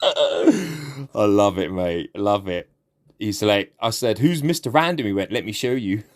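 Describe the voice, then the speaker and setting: A man's voice: fairly low pitch, moderate pace. A young man giving casual, sweary gameplay commentary and laughing often as he recounts chatting with a player. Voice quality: sweary, laughs a lot while telling it. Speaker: gaming YouTuber.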